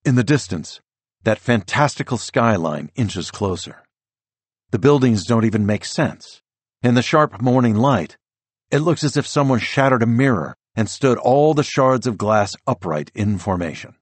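A man narrating a first-person novel as an audiobook, measured and descriptive. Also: medium pitch, animated, no echo.

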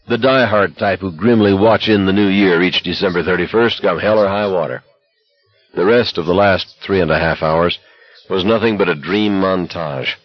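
A man giving scripted audiobook narration in a measured, somber storytelling manner. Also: low voice, no room sound, highs cut off.

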